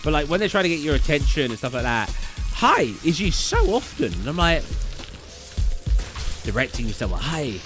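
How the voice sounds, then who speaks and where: A man's voice: a little high, sing-song, a little fast, long pauses, music in the background. A young British man streaming a game live, chatting casually and rambling, often tripping over words. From Britain. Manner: rambling, chatty, stumbles over place names. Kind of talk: casual chat while live gaming.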